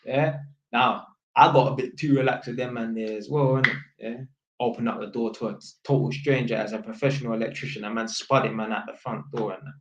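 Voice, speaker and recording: A man's voice: medium pitch, steady tone, brisk, fairly bright tone, a little hiss or hum. A young man with a London accent tells a story in casual street slang, ending almost every line with "innit". He acts out the voices of people he quotes as he goes. The recording sounds roomy and a little muffled. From England. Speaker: vlogger.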